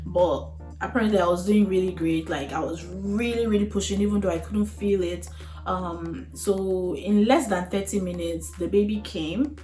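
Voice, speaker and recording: A woman's voice: lowish voice, moderate pace, warm tone. A young woman vlogger telling a personal story in a candid, chatty way, full of fillers and frank asides. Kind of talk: casual storytelling to camera. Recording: roomy echo with faint music.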